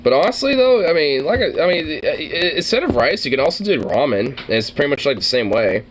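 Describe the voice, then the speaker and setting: A man's voice: fairly high pitch, sing-song, a little fast, a little hiss or hum. A man casually reacting to videos, rambling, joking crudely and laughing often.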